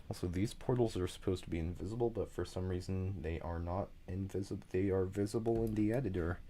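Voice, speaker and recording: A man's voice: sits low, fairly even intonation, a little fast, hardly any pauses, music in the background. A man with a slight Southern US twang, rambling in casual chat while building a game level and apologizing for going off track. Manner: rambling, chatty, apologetic asides. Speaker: level creator streaming.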